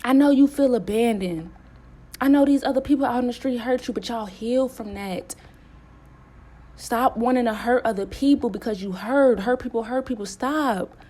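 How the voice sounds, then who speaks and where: Scolding woman with a higher voice. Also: normal speed, dark tone. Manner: scolding, repetitive, preacher-like. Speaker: spiritual channel host. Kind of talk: spiritual warning monologue.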